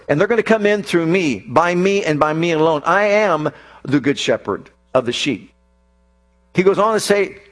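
Emphatic male preacher, higher voice. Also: lively intonation, brisk. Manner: emphatic, repetitive declarations. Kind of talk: sermon.

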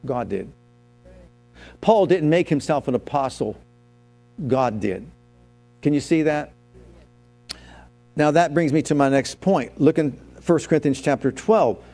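A man's voice: fairly high pitch, dark tone. A man preaching a sermon as pastor, telling his own story and asking the congregation questions.

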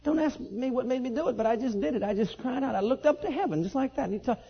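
Preacher guy telling his story, kinda husky, voice bouncing all over, dull old recording. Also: quick pace, few pauses. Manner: swings from high excited exclaiming to low quiet asides. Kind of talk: sermon with personal testimony.

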